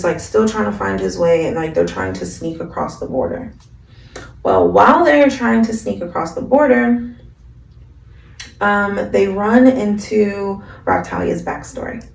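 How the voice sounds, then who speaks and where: A woman's voice: medium pitch, animated, slow, creaky, pauses often, recorded from a distance. A woman vlogger in a slangy, chatty casual recap of an anime, recorded in an echoey room. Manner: slangy, chatty, lots of fillers.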